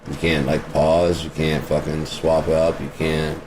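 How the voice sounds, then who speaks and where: Very deep-voiced man ranting bluntly. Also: measured pace. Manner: profane, blunt, fires off rhetorical questions. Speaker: vlogger. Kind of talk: rambling opinion rant. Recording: steady vehicle road noise behind voice.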